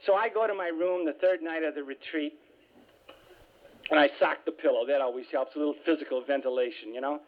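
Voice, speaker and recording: A man giving a humorous spiritual talk, telling stories lively with self-mocking asides. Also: a little high, brisk. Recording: tinny phone-like radio sound.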